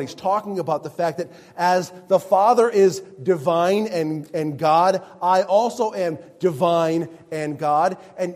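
A pastor preaching a sermon, slow and emphatic, with his voice rising and falling for emphasis. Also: high-pitched, a little mellow, in a large hall.

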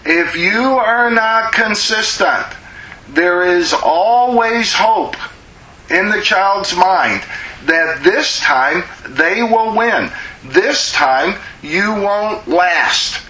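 A man delivers a sermon as a pastor, speaking slowly with deliberate weight. His voice is bright and a little high for a man, and it rings in an echoey room. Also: animated. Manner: slow, emphatic preaching with drawn-out words.

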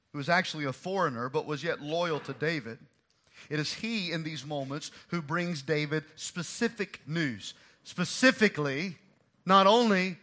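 A man preaching an expository sermon, going from hushed and low to loud and impassioned. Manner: swings from hushed to impassioned, rising loud when voicing David's grief. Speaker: pastor.

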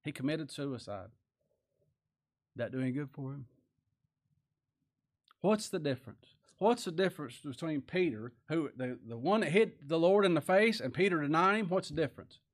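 A man preaching a sermon, reading scripture and speaking plainly, swinging between loud emphatic lines and quiet low asides. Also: lively intonation, normal speed, long pauses. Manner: folksy plain-spoken grammar, reads scripture aloud.

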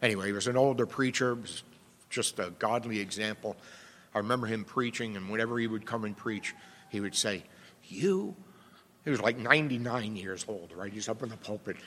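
In a church sanctuary, a pastor preaches an earnest, emphatic sermon, posing rhetorical questions and driving his points home. His voice is fairly low and fairly bright, at a moderate pace, with slight background noise and the long reverb of a church hall.

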